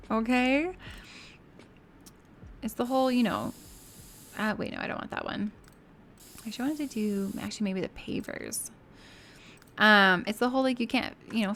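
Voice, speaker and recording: A woman's voice: medium pitch, creaky, fairly bright tone. A woman game streamer chatting casually and giggling with her viewers while she builds in a game.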